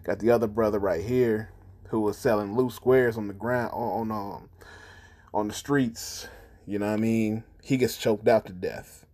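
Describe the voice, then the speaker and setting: A man's voice: lowish voice, steady tone, moderate pace, a little mellow. A man giving casual, heated commentary on news videos, profane and repetitive, in an indignant manner.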